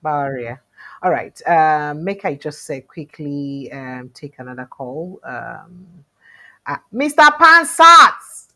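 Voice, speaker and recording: A woman with a Nigerian accent hosting a call-in livestream, relaxed and offering brief acknowledgments. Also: a bass voice, takes it slowly, dry recording. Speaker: host.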